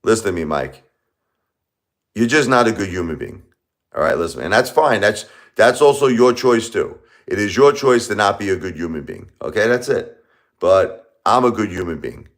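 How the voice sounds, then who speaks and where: A man's voice: fairly low pitch, animated, normal speed. A man hosting a live stream, lecturing and scolding his chat commenters in a confrontational, repetitive way. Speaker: livestream host.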